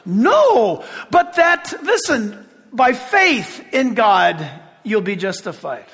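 A man preaching a sermon with passion, shouting at points and making sarcastic asides. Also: very high voice, big pitch swings, slow, big-room sound.

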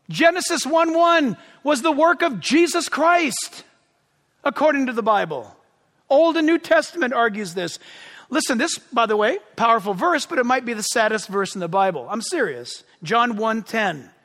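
Impassioned high-voiced male preacher. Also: normal speed, big-room sound. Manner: impassioned, yelling with excitement. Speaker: pastor. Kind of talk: sermon.

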